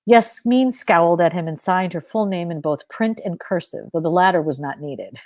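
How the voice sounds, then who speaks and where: A woman's voice: on the low side, animated, normal speed, few pauses, darkish tone, no room sound. Woman reading her fiction aloud, dry sound.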